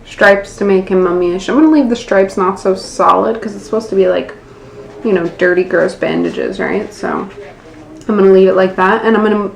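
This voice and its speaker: An American woman in her twenties narrating a casual nail art tutorial, self-deprecating and swearing casually. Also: medium pitch. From United States. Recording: echoey room, faint background noise.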